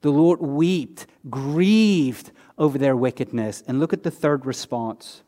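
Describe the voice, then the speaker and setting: A man preaching a sermon in a conversational way, asking rhetorical questions and dropping his voice low on key words. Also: slow, dark tone, long reverb tail. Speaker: pastor.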